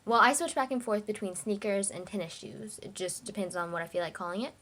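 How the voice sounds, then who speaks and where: A woman's voice: medium pitch, a little fast, fairly bright tone. A young woman from China, talking casually and reading out a word list for her vlog, hesitant with many fillers.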